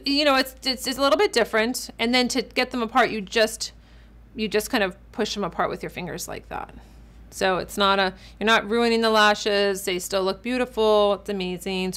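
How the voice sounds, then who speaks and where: A woman's voice: medium pitch, fairly bright tone. Makeup artist woman hosting a casual how-to, upbeat and talkative, thinking aloud as she works. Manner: chatty, enthusiastic, repeats words while demonstrating. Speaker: makeup artist and beauty vlogger. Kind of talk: casual product demo tutorial. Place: home studio.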